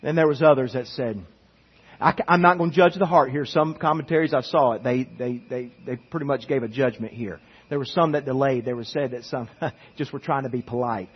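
A pastor preaching a sermon, pleading and swinging from quiet talk to impassioned urging. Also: male voice, medium pitch, breathy edge, lo-fi sound.

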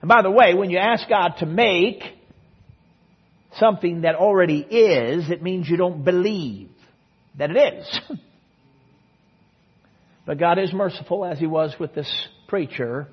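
A man preaching a sermon, telling a story with sudden swings between soft and loud passages, in front of a congregation. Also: on the high side, measured pace, long pauses, husky, lo-fi sound. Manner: storytelling with dramatic swings in loudness and pace. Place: church service.

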